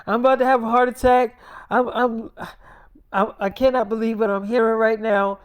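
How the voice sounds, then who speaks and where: A woman's voice: a little high, steady tone, normal speed, clear, resonant tone, lightly acted. A woman voicing a furious, foul-mouthed middle-aged mother who scolds and threatens. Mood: shocked.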